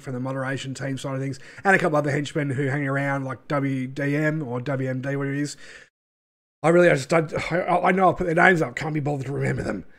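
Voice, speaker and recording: Sarcastic ranting man, fairly high voice. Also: a bit bright. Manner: sarcastic, scornful, full of fillers and asides. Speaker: channel host. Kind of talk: ranting commentary video.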